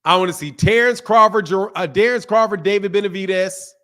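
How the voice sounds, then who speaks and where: A man with a Philadelphia accent chats on a boxing livestream and reads out viewer super chats. His voice sits high for a man, and he often says the same phrase several times over in a playful, animated way. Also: a little fast. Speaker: boxing channel host reading super chats. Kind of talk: casual livestream chat.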